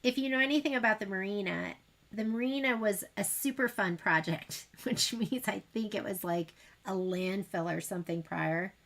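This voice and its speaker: A woman's voice: medium pitch, normal speed, fairly bright tone. A woman hosting a sewing livestream, chatting casually and rambling while she demonstrates. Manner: chatty, rambling, self-deprecating. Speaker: sewing shop livestream host.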